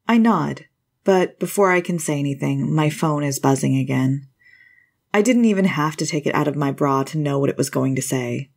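A woman reads a first-person story aloud in a scripted narration style. Her voice is low for a woman's. Her delivery is measured and even. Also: gravelly.

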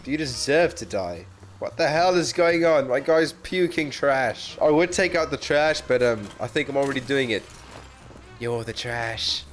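A man's voice: medium pitch, animated, moderate pace. A man giving casual, self-mocking commentary while playing a video game, swearing often and joking about his own play. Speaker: gaming channel host.

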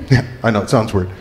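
A man doing a stand-up comedy set on a club stage, animated and quick to jump into silly high character voices. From Beaverton. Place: comedy club stage before a live audience. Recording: roomy club sound with crowd laughter.

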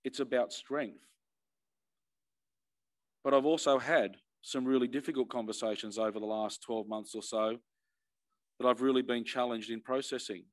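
A man's voice: mid-range voice, fairly even intonation, normal speed, long pauses. A middle-aged man with an Australian accent, an emergency services commissioner giving an earnest personal address, emphatic and often repeating words as he restarts.

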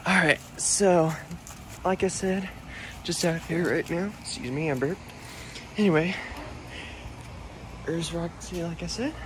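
A man's voice: on the high side, a little slow, pauses often, noisy background. A young man casually vlogging in a friendly, rambling way with lots of fillers, talking into an action camera he wears while outdoors at his grandparents' house. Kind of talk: casual vlog chat. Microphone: action camera worn on body.

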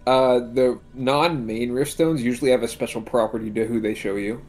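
A young man co-hosting a let's-play, explaining in a halting, casual way with many fillers. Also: mid-range voice, fairly even intonation, a little mellow, faint music behind. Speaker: co-host.

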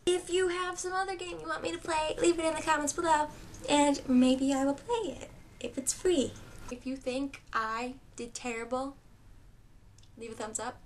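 A young woman giving casual, excitable gameplay commentary, laughing and repeating herself in panic. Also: high-pitched, moderate pace, slight background noise. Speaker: gaming vlogger.

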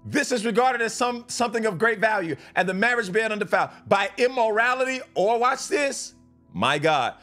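A fervent man preaches on a live stream, his voice sitting high for a man. He repeats and restarts lines as he reads scripture, breaking into blunt asides, with faint music underneath. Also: lively intonation, moderate pace, a bit bright. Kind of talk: live-stream sermon and Bible reading.

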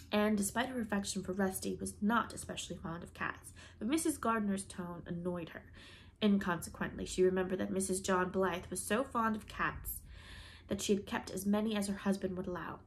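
A woman's voice: mid-range voice, a little hiss or hum. Woman reading an audiobook. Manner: measured, expressive reading. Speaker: audiobook reader. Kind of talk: audiobook narration.

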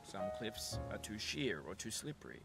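A man narrating a video game in a measured, thoughtful voice-over, reflecting calmly on climbing and failure. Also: fairly low pitch, creaky. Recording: game narration with music behind.

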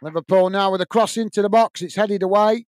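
A man's voice: high voice, fairly even intonation, fairly quick, slight background noise. A man hosting a football watch-along, giving live commentary and chatting with viewers, full of fillers and restarts.

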